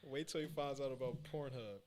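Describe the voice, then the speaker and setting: A man's voice: medium pitch, brisk, darkish tone. A man co-hosting a podcast, chiming in with short laid-back remarks and dry jokes in casual chat. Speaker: podcast co-host.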